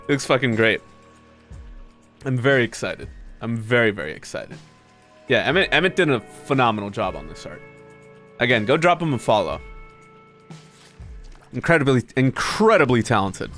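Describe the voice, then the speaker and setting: A man streaming a video game, chatting casually with viewers, swearing often and laughing between complaints about his run. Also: mid-range voice. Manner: animated, swearing, frequent laughter. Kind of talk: casual gameplay commentary.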